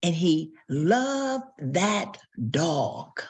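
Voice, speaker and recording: A woman pastor delivers a sermon at an unhurried pace, her voice slightly husky. She moves through stories, acting out quoted lines and even imitating a dog's bark as she preaches. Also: on the low side. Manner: preaching with storytelling and acted-out quotes, barking sounds.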